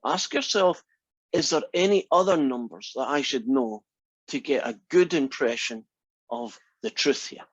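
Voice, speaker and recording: A math instructor lectures a statistics class, thinking out loud and putting many questions to his students. His medium-pitched voice has lively intonation and a measured pace; the audio is dull but free of echo.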